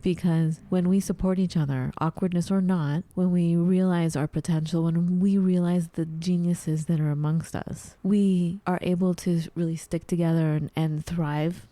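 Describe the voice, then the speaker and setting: A woman's voice: lowish voice, moderate pace, few pauses, no echo. A woman co-hosting a podcast, chatting casually and acting out her own puzzled voice. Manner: animated, acts out her own confused voice. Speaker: podcast co-host. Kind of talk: casual chat. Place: at home.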